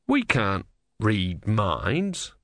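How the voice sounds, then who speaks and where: A man's voice: lowish voice, wildly swooping pitch, very slow, no room sound, clean studio sound, heavily acted. A man voicing a naive, pious young male novice monk, speaking earnestly and a little hesitantly.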